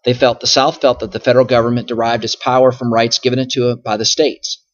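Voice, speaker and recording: A man's voice: medium pitch, little pitch movement, fast, dull audio. A male history teacher lecturing through slides, explaining patiently and often circling back with "so again" and "okay?". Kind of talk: recorded classroom lecture over slides.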